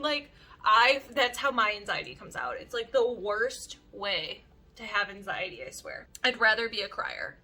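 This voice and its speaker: A young woman beauty vlogger talking to camera in an animated, chatty way, leaning heavily on "like" as she tells stories. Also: mid-range voice. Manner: animated, chatty, heavy use of "like". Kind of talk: casual storytelling chat to camera.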